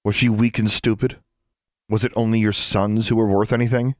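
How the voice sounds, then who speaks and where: A man's voice: fairly low pitch, little pitch movement, moderate pace, a little mellow, no echo, studio quality, voice pushed up, close to an everyday voice. A man voicing a fierce, determined young girl who talks bluntly and defiantly. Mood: challenging.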